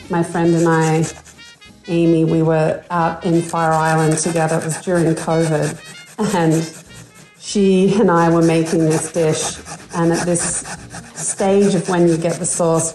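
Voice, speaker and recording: Aussie woman chatting slow while she cooks in her kitchen, kinda low voice. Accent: Australian. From Australia. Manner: relaxed, chatty, with fillers. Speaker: cookbook author and home cook. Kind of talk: casual cooking demonstration. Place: home kitchen.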